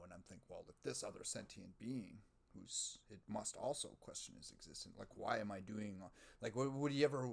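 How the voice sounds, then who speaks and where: A podcast host with a fairly low voice talks in a loose, rambling way. He swears freely and thinks out loud. He mocks himself as he goes. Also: gravelly, husky. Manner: rambling, profane, self-mocking, muses aloud. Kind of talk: casual rambling monologue.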